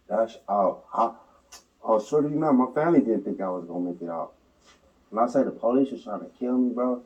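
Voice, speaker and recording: A man's voice: sits low, far from the mic, low-quality recording. A man telling a prison story in an interview, in heavy slang, acting out the quotes. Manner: slangy, animated retelling with acted quotes. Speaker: interview subject.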